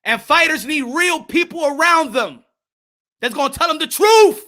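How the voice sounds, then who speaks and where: High-voiced man ranting about boxing. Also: animated, moderate pace, bright, forceful tone. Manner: heated, profane, repeats himself. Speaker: boxing commentator. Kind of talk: livestream rant reading chat.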